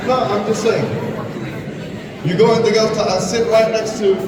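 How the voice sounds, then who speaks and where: Animated man in an echoey hall. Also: high voice, moderate pace, recorded from a distance, over a noisy crowd. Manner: animated storytelling, acts out dialogue, quizzes the audience. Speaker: guest speaker at a school. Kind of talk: lively talk to students. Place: school hall. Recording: echoey hall, voice from afar, background noise.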